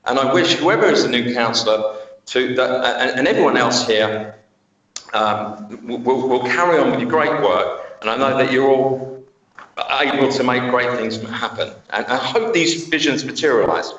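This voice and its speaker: Town councillor guy, earnest and halting, sounds far off in a really echoey hall. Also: mid-range voice, a bit bright, highs cut off. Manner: earnest, halting, defensive when challenged. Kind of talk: council meeting speech. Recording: very echoey room, distant mic.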